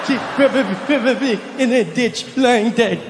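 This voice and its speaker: Guy doing a nervous stammery kid, way up high, echoey venue. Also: normal speed. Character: anxious ten-year-old boy left at school. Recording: reverberant hall with faint crowd noise.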